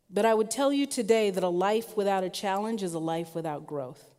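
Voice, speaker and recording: A woman preaching a sermon, telling stories with lively, rising emphasis. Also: fairly quick, few pauses. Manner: lively storytelling, rising in pitch and force when emphatic. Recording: long hall reverb.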